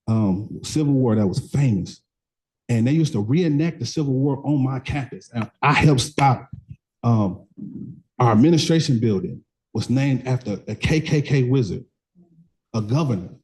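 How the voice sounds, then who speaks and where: A man's voice: mid-range voice, animated, moderate pace, darkish tone, breathy edge, rough recording. A young man speaking as a candidate at a community political meeting, passionate and emphatic, with repeated phrases and frequent fillers. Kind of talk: impassioned campaign speech, then answering questions.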